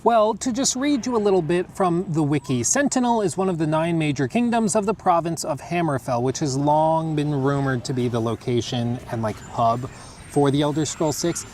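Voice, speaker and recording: A man's voice: fairly high pitch, darkish tone, slight background noise. Chuckly man rambling outdoors. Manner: chuckling, loose, self-amused. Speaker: gaming channel host. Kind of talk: casual rambling chat.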